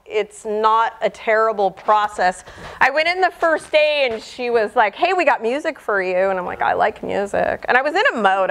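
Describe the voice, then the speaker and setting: A middle-aged woman biologist giving an informal public lecture, chatty and animated, acting out the dialogue she quotes. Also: fairly high pitch, clear, resonant tone.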